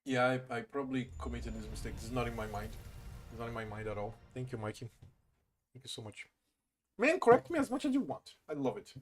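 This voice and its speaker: A man's voice: medium pitch, animated, fast, soft background music. A young man whose first language is Portuguese, chatting casually and self-deprecatingly on a live stream in English.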